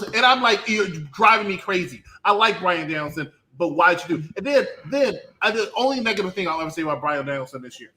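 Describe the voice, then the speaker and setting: A man hosting a casual wrestling review show, loud and mocking, often mimicking others in a high voice. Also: big pitch swings, a little fast, slight background noise, rough recording. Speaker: show host.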